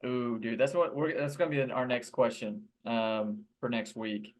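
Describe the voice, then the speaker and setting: A man's voice: medium pitch, moderate pace. A man co-hosting a podcast, talking in a laid-back, teasing way and laughing often during casual chat. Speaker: podcast co-host.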